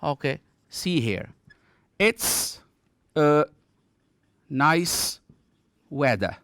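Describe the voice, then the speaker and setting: A man's voice: fairly high pitch, expressive, extremely slow, fairly bright tone, no echo, studio quality. A man with a Nepali accent teaching English grammar in a televised distance-learning lesson, explaining patiently and often checking in with "okay". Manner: explanatory, repeats "okay" often, demonstrates rising and falling tones. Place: TV studio.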